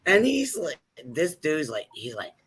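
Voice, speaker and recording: Woman storyteller, lively and bright, giggles through her tales. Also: sits low, unhurried, slightly rough. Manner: animated, laughs through her stories. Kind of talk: casual storytelling on a live chat.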